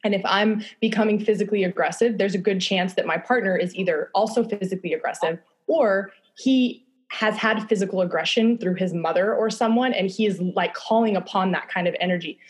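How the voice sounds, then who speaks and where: A woman's voice: mid-range voice, brisk, few pauses. A young woman talking candidly on a podcast, casual, with lots of fillers and swearing. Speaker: guest.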